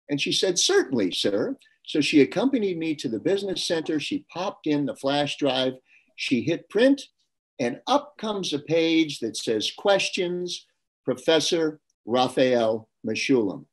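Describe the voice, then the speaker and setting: A man's voice: a little high, big pitch swings, a little slow. A middle-aged man interviewing a guest, telling a long personal anecdote in an earnest way and acting out bits of dialogue. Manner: earnest, anecdotal, warm recollection with quoted dialogue.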